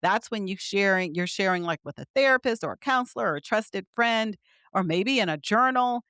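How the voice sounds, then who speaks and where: A woman's voice: medium pitch, animated, normal speed, fairly bright tone, clean tone, dry recording, studio quality. A middle-aged woman, a physician guest, explaining ideas earnestly in conversation with light laughs. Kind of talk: conversational interview.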